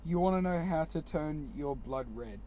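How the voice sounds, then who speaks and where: A man with a high, lively voice jokes around in an excitable, casual podcast chat. There is a faint hiss of noise behind him. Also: moderate pace. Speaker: podcast co-host.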